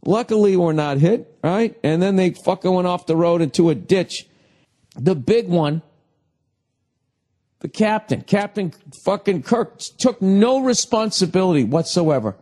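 A man's voice: sits high, expressive, a little slow, warm tone. Profane rambling male podcast host. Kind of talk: crude comedic storytelling.

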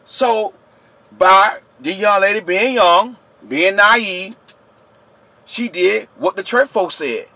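A man, yelling in an impassioned, preachy rant straight to his viewers. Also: high voice, slow, gravelly, no echo. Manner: yelling, preachy, repetitive, addresses viewers directly. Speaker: channel host.

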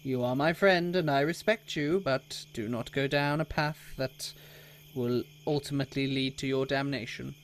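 A man voicing a smooth, scheming male town official who speaks in a condescending, veiled-threatening way. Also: mid-range voice, normal speed, slight background noise, close to an everyday voice, low-quality recording. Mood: smug, menacing.

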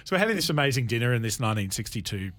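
Lively radio host, dry studio. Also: male voice, mid-range voice, very fast, no room sound. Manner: animated storyteller, lively anecdotes with laughs. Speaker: radio wine show host. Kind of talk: casual radio chat.

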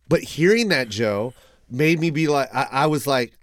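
A man co-hosting a podcast in a studio, telling stories in an animated, profane, casual way. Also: medium pitch, moderate pace, no room sound.

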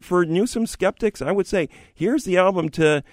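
A man co-hosting a radio music-review show, who lays out his views in a measured, reflective way. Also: high-pitched, no room sound, studio quality. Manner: measured and reflective, building his case step by step. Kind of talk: opinionated review talk. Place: radio studio. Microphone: close studio mic.

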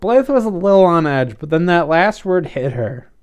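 A man narrating a story aloud in an expressive, lively way. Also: on the high side, moderate pace, smooth. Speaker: story reader.

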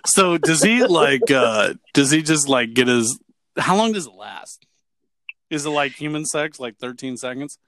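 A man co-hosting a casual podcast, his voice swinging up and down with lively intonation as he jokes. He leans on "like" constantly. The recording is dry and close, with no room sound. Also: fairly high pitch, unhurried, dry recording. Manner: joking, says "like" a lot. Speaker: podcast co-host. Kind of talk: casual chat.

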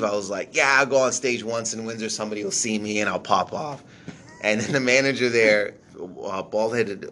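A Canadian-raised stand-up comedian, a man, telling his story in casual, profane, animated chat. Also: lowish voice, a little hiss or hum.

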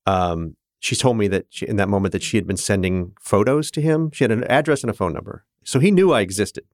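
A man's voice: fairly low pitch, fairly quick, darkish tone, no room sound, clean studio sound. A man in his fifties from Kansas, a guest telling his own story earnestly and reflectively, with hesitant restarts. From Kansas, USA. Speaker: interview guest. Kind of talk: personal storytelling in conversation.

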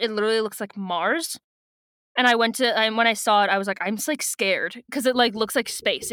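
A woman's voice: fairly high pitch, bright, forceful tone, smooth, no room sound, clean studio sound. A woman co-hosting a podcast, chatting casually and giggly with lots of fillers. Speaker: podcast co-host. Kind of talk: casual chat recapping a book.

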